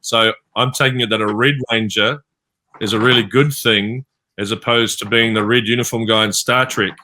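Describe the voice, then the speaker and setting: A man's voice: on the low side, steady tone, normal speed, bright, forceful tone, a little hiss or hum. A man with a New Zealand accent, chatting as a guest on an online fan panel and telling stories that act out what people said to him. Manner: chatty storyteller, acts out quoted lines. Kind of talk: casual panel chat over video call.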